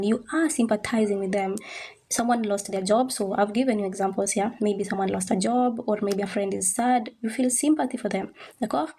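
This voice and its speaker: A young woman teaching French, patiently repeating words slowly and checking that the class follows. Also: medium pitch, warm tone, slight background noise. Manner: patient, drills pronunciation slowly, checks understanding. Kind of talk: online language lesson.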